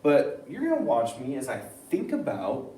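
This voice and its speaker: A male teacher giving a reading lesson, reading passages aloud and thinking out loud about them. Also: mid-range voice, moderate pace, a little hiss or hum. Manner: animated, switching between reading aloud and thinking aloud. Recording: roomy sound, mic at a distance, faint ambience.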